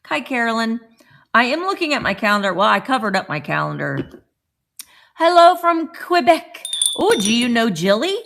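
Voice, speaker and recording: A woman's voice: fairly high pitch, big pitch swings, moderate pace, creaky, fairly bright tone, a little hiss or hum. A middle-aged woman casually chatting on a morning live stream from home, greeting viewers by name as she talks. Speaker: vlogger hosting a live stream.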